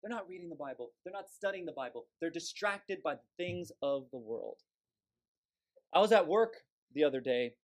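A man preaching a sermon from the pulpit, forceful and emphatic, scornful toward those he condemns. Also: fairly high pitch, lively intonation, normal speed. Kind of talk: fiery sermon.

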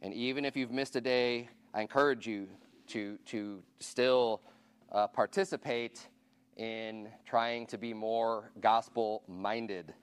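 A man's voice: medium pitch, steady tone, slow, smooth. A man pastor giving casual church announcements to his congregation, informal and chatty, asking the room questions and counting raised hands.

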